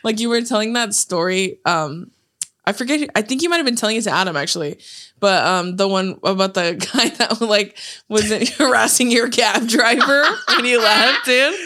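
A woman's voice: mid-range voice, normal speed, pushed and bright. A woman co-hosting a podcast, telling stories animatedly in casual chat with lots of swearing and laughter. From Hawaii. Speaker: podcast co-host.

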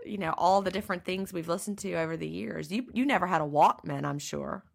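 A woman's voice: on the low side, fast, vocal fry. A middle-aged woman co-hosting a podcast in casual chat, explaining things plainly and laughing easily. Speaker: podcast co-host.

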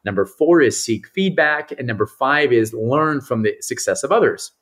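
A man tells a story as a podcast guest with a slightly husky, grainy voice. His pitch swings widely as he acts out the people in his story. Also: moderate pace. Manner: animated storyteller who acts out the people he quotes. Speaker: guest, mental performance coach.

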